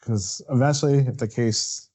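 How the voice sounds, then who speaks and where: This man, a workers' compensation defense attorney, speaks at a normal pace in a mid-range voice that's dark and slightly rough. He guides a legal webinar step by step, adding check-ins like "right?".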